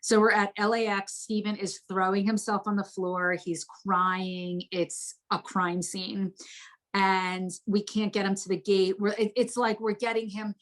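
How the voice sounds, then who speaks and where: A middle-aged woman from New Jersey, a guest telling her life story in a candid, expressive way, with casual swearing, from her home. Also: medium pitch, measured pace.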